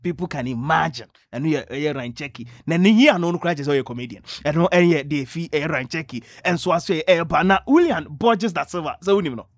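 Ghanaian male radio sports host, lively storyteller, higher pitch, dry booth. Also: a little fast, few pauses, no echo. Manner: lively storytelling, mixing in English phrases. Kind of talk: sports news radio talk.

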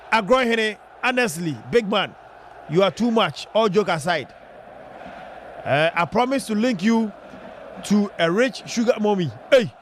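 High-pitched excited man commentating. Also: normal speed, a little hiss or hum. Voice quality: high-pitched, shouting bursts, mixing languages. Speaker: radio football commentator. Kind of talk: excited live football commentary with callers.

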